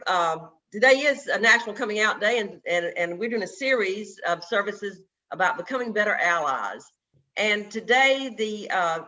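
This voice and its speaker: A man leads an online worship service, speaking earnestly and pausing often with fillers. his voice is high and very bright. the sound is dull and lo-fi, as it comes over a video call. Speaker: worship leader. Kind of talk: sermon storytelling. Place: home, indoors, on a video call.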